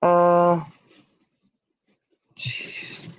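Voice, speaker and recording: A woman's voice: on the low side, completely flat delivery, very slow, clean tone, muffled recording. A tired woman hosting a casual livestream, talking bluntly and answering her chat as she goes. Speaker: livestream host. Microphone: laptop or webcam.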